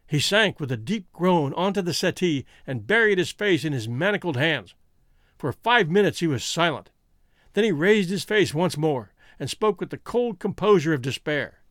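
High, lively male storyteller. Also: moderate pace, dry recording, studio quality. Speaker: audiobook narrator. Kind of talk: scripted narration.

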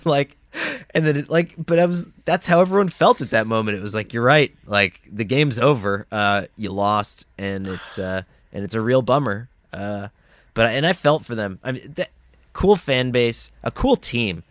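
A man's voice: medium pitch, a bit bright, no echo. A man co-hosting a sports podcast, telling rambling stories in casual chat and laughing as he talks. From US Northeast. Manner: rambling storyteller, laughs mid-sentence. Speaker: podcast co-host.

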